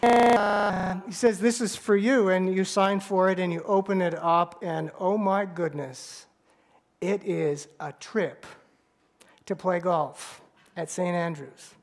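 A man preaching a sermon as pastor, bantering with the congregation and telling a story with halting restarts. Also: sits high, steady tone, faint music behind. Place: church sanctuary.

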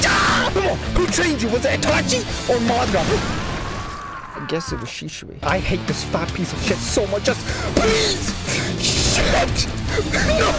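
A high-pitched gamer commentates with a very lively, swooping voice. The talk lurches from shouting and swearing to mocking jokes at the enemies. Loud game music plays under the voice. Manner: yelling, swearing, joking at enemies.

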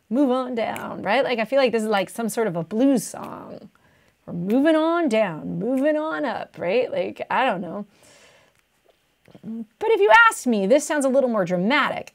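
A young woman tutoring test prep in a playful, animated way, acting out what students think. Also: a little high. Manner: playful, acts out students' inner voices.

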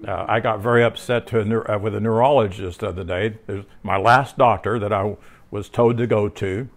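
A man with a somewhat low voice teaches scripture in a loose, conversational way. He stumbles and restarts his sentences often, wanders into personal anecdotes and keeps asking his listener for agreement. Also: steady tone, a little fast. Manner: rambling, frequent restarts and filler words; tells personal stories mid-teaching. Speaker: Bible teacher.

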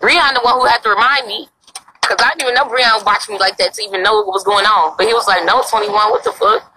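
A woman's voice: mid-range voice, fairly even intonation, fast, noisy background. A young woman livestreaming outdoors in a parking lot on her phone, talking in a brash, crude and pleading way. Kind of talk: casual live-stream chat.

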